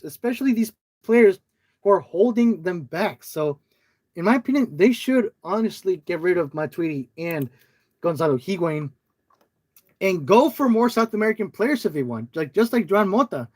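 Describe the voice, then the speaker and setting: A man's voice: sits high, animated, moderate pace, a little mellow. A man co-hosting a casual soccer podcast over an online call, often hesitating and restarting his phrases. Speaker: podcast co-host.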